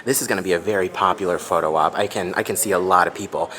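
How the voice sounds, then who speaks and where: A man's voice: low-pitched, very fast. A man vlogging a hotel tour, gushing and exclaiming as he shows the rooftop and then a room to viewers. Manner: excitable, gushing, addresses viewers as guys. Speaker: theme park vlogger.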